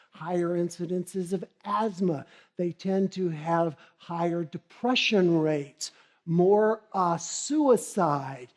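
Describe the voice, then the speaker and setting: A middle-aged man giving a humorous motivational keynote, telling stories in a lively way and acting out the characters. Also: high voice. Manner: lively storytelling, acts out characters. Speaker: keynote speaker.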